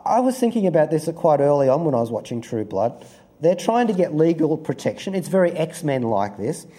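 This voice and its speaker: A man's voice: mid-range voice, dark tone, breathy edge. A man giving an amused, rambling review in a casual chat, full of fillers and asides.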